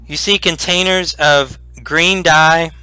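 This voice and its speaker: A man running a tabletop game as game master, describing the scene slowly and deliberately. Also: fairly high pitch, fairly even intonation, bright, forceful tone, clean tone, dry recording, soft background music.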